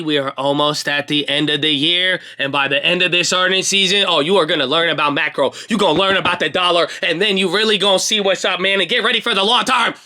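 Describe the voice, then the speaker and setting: A young man hosting a stock trading channel, going over his watch list in a casual, energetic way and ending with a hyped-up motivational send-off. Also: high-pitched, fast, hardly any pauses. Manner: talks with his hands.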